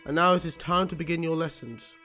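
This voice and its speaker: Stern old professor barking drills, read plainly by a man, slightly higher voice. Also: fairly quick, pushed and bright, soft background music. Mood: commanding. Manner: commanding, drilling.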